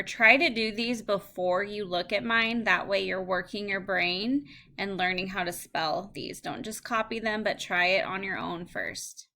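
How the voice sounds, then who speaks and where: Bright-voiced woman teacher dictating words. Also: medium pitch. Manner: slow, clear word-by-word dictation. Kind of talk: recorded phonics lesson.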